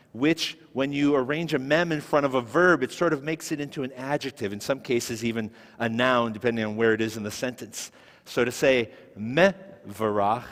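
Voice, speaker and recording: A man's voice: mid-range voice, fairly bright tone. Patient male Hebrew teacher in echoey hall. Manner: patient, explains step by step, asks the class questions. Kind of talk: classroom lesson.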